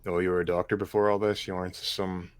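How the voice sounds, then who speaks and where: A man's voice: low voice, little pitch movement, fast, clear, resonant tone, close to an everyday voice. A man doing a blunt Irish tough. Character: gruff male Irish tough in a tabletop game.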